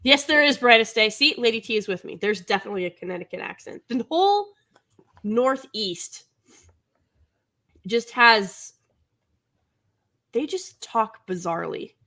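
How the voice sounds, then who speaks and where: A bright-voiced woman from the American Midwest co-hosts a casual podcast chat. She tells stories with bubbly energy, laughs often and swoops up high when she gets worked up. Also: very animated, unhurried, long pauses. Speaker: podcast co-host.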